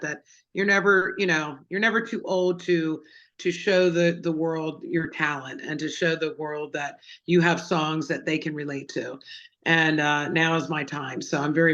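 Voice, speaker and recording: A woman's voice: low voice, steady tone, moderate pace, fairly bright tone, lo-fi sound. A middle-aged woman singer-songwriter, chatting as an interview guest, telling stories with lots of fillers. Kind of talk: casual interview chat.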